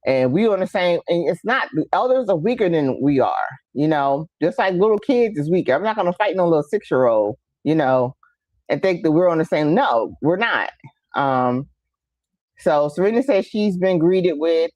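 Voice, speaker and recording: A woman with a lowish, darkish voice hosts a casual talk show, laughing as she tells stories and imitates her relatives while reading viewer comments. The recording is lo-fi with no echo.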